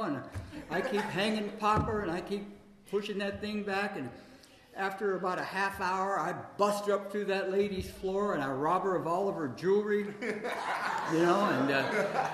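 A man telling a long personal story aloud in a loose, rambling, conversational way, full of fillers like "you know" and "man.". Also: high voice. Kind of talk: live personal storytelling monologue. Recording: echoey hall with faint noise.

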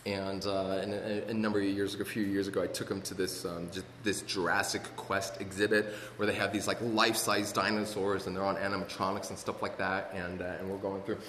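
Earnest halting man in an echoey hall. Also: low-pitched, flat delivery, a bit bright. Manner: earnest, halting, many restarts and repeated words. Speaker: recovery speaker sharing his story. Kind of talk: personal testimony talk. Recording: echoey hall, faint room noise.

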